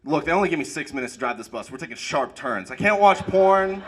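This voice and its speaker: A man doing a stand-up comedy set on a club stage, energetic delivery that rises to shouted punchlines. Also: a little high, a little fast, slight background noise. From Arab American.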